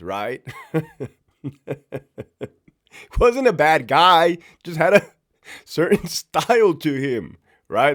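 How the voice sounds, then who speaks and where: Animated, slow-talking man telling stories. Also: a little high. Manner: profane, laughing often, animated asides. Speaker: former prison officer, podcast host. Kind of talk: casual storytelling chat.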